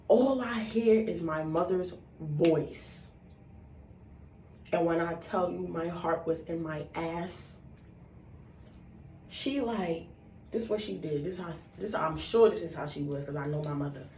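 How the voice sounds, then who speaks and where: Woman telling a story in a roomy room. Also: fairly low pitch. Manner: animated, profane, acts out quotes. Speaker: vlogger. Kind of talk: casual storytime. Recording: roomy, distant mic, faint background noise.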